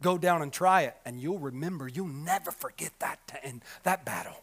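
High, bright-voiced man preaching dramatically. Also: a little fast. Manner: dramatic preaching, swings from shouting to whispering. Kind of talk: sermon.

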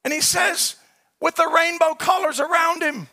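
A man's voice: extremely high pitch, moderate pace, creaky, sharp tone. A man preaching a sermon, impassioned and repeating his phrases as he builds.

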